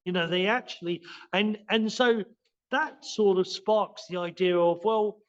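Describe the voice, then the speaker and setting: Male martial arts teacher as a podcast guest; high voice, loose rambling delivery, muffled lo-fi recording. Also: measured pace. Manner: rambling, with many restarts and fillers. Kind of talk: casual spoken explanation in a podcast interview.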